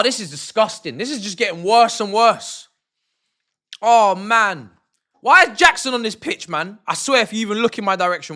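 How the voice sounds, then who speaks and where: Young guy ranting on a watch-along stream, high sharp voice, shouty then muttering. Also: lively intonation, normal speed. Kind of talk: football watch-along reaction.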